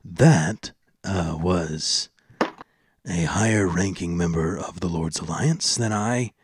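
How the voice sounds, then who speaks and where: A man voicing a weary, polite male knight officer who talks in a measured, dry way. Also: sits low, background noise.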